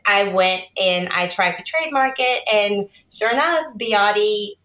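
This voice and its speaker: A woman's voice: medium pitch, measured pace, bright, forceful tone. A woman in her thirties, a podcast guest and small business owner, explaining things at length in casual chat and laughing often. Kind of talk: casual interview talk. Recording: roomy echo.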